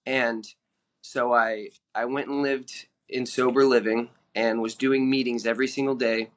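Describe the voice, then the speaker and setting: A man guest telling his own story in an earnest, halting way, with many fillers and restarts. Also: medium pitch, flat delivery. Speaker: podcast guest.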